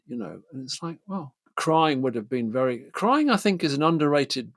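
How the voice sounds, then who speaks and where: A man's voice: fairly high pitch, lively intonation, moderate pace, hardly any pauses, no room sound. A middle-aged man, a therapist from Britain, speaking thoughtfully and hesitantly with many fillers. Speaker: therapist guest. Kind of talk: casual conversation.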